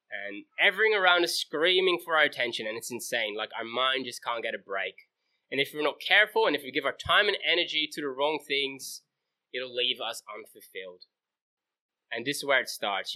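Speaking as a camp speaker, a man in his twenties delivers a casual youth sermon in a medium-pitched voice that sounds pushed and bright. His storytelling is chatty and packed with fillers such as "like".

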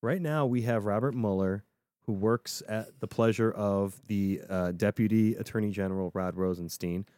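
Low, mellow-voiced man talking politics. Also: normal speed, no echo. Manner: animated, with frequent restarts and repeated words. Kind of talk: casual political podcast chat.

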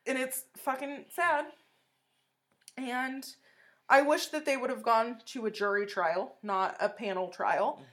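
A woman co-hosting a true-crime podcast in casual chat, animated and swearing often as she recounts details of a case. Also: fairly high pitch, takes it slowly. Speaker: podcast co-host.

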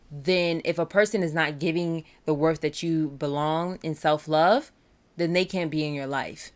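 A young woman, a college student, talking candidly and earnestly about mental health and self-love. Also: lowish voice. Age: young adult. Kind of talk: personal talk on mental health.

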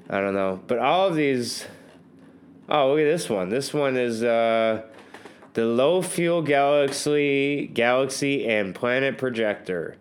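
Casting: man, casual rambling monologue, profane and sardonic, mid pitch. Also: a bit bright.

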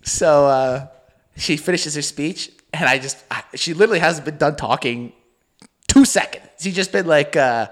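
A young man from Canada co-hosting a podcast, telling a story in a loose, swearing, animated way and acting out the voices of people he quotes. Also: a little high, normal speed. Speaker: podcast co-host. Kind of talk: casual storytelling chat.

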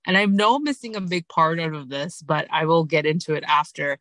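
A woman hosting a podcast, talking in a chatty, casual way from inside her car and breaking into quick impressions of the people she describes. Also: low voice, no room sound. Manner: chatty, animated, mimics people in quick asides. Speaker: podcast host recapping reality TV. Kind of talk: casual recap chat.

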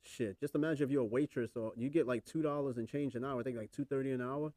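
A male podcast host talking quickly in a loose, profane, rambling way. His voice is dark and mellow, and the recording is dry and close. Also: medium pitch, fairly even intonation, dry recording. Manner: casual, profane, rambling with fillers. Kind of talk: casual chat.

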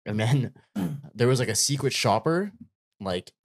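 Low-voiced young man chatting casually. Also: a little slow, slightly rough. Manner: relaxed, filler-heavy storytelling. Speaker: podcast co-host. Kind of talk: casual chat.

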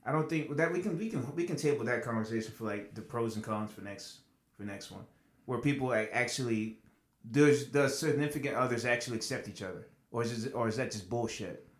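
A young man co-hosting a casual podcast chat, telling stories in an animated way and jumping up in pitch when he makes a point. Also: fairly quick, reverberant. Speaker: podcast co-host.

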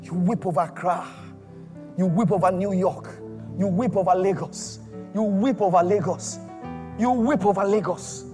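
A man preaching a sermon with impassioned, repetitive phrasing that swings between loud cries and near-whispers. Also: high voice, normal speed, music in the background.

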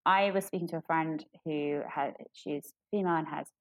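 A woman co-hosting a casual chat, candid and animated, with lots of fillers and restarts. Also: moderate pace, no room sound, muffled recording. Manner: candid and animated, jumps into high voices for quotes. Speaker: podcast co-host.

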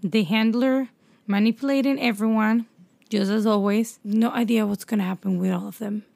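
A woman co-hosting a casual TV review chat, chatty and quick with agreeing murmurs. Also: medium pitch, fairly even intonation, gravelly, a little mellow, no room sound. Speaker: podcast co-host reviewing a TV episode.

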